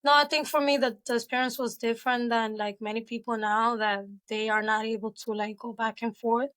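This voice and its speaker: Candid woman guest, higher-pitched voice. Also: fairly even intonation, brisk, fairly bright tone. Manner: candid and reflective, with many fillers like "you know". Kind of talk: casual interview chat.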